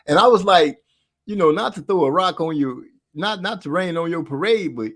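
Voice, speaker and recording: Animated storytelling man, slightly high. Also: moderate pace. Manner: animated, slangy, laughs while telling stories. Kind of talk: casual storytelling chat.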